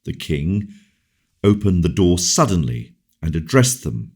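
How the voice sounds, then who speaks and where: Deep-voiced man narrating an audiobook. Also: lively intonation, creaky, a little mellow, breathy edge. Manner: measured, deliberate reading. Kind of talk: scripted narration.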